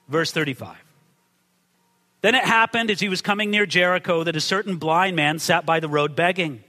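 Male pastor, high bright voice, theatrical delivery, long hall reverb. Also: animated, normal speed. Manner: dramatic, acts out quotes with big swings in pitch and volume. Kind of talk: expository sermon.

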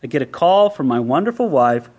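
A man's voice: a little high, very animated, fairly quick, darkish tone. A male pastor preaching a sermon, with acted asides and everyday examples.

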